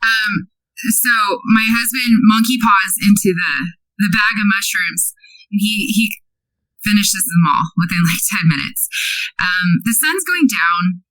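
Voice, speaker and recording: Woman from oregon rambling thru a story, bright voice, dry close sound. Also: mid-range voice, no room sound, low-quality recording. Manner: chatty, animated, with quick asides and apologies. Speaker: guest. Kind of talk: casual storytelling.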